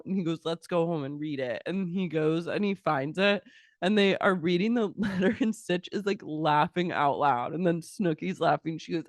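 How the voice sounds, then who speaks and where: A woman's voice: on the low side, moderate pace, dry recording, clean studio sound. A woman co-hosting a podcast, recapping a reality show in casual chat and acting out the cast's quotes. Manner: animated storytelling, acting out quotes. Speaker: podcast co-host.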